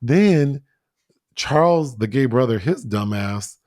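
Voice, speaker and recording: A man's voice: mid-range voice, slow pace, dry recording, studio quality. A man co-hosting a podcast, recapping a TV drama in casual, profane chat and acting out the scenes with gusto. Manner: animated, profane, acts out scenes. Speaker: podcast co-host.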